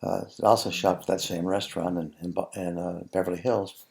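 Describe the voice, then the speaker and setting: Low gravelly man explaining photos. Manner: relaxed, halting, many ums and restarts. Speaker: food photographer. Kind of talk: casual tutorial narration over photos.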